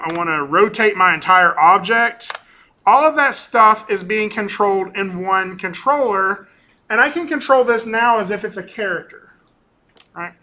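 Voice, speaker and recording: Guy teaching an animation class, kinda high voice, keeps saying right? and um. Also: bright, forceful tone. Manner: casual, talkative, keeps tagging on "right?"; frequent ums and restarts. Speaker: animation instructor. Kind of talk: recorded class lecture with screen demo.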